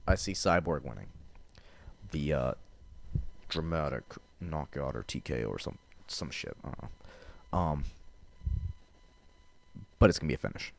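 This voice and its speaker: Low-voiced man hosting a fight podcast. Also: animated, unhurried, vocal fry, long pauses. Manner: loose and profane, with frequent fillers and restarts. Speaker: MMA podcast host. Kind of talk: casual fight-prediction podcast talk.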